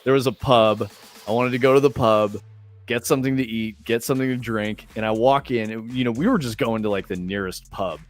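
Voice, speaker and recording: A man's voice: medium pitch, a little fast. A young American man telling rambling, profane stories on a livestream, with lots of likes and fillers. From United States. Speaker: streamer. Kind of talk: casual storytelling on a livestream. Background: faint music.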